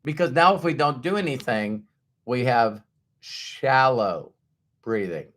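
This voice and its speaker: A man giving a motivational talk to an audience, acting out everyday inner voices in an animated way. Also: mid-range voice, slow pace. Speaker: motivational speaker.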